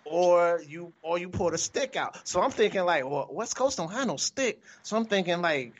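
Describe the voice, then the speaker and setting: High, lively-voiced man chatting. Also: moderate pace, highs cut off. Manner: curious, asks questions, jokes. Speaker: podcast co-host. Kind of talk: casual chat.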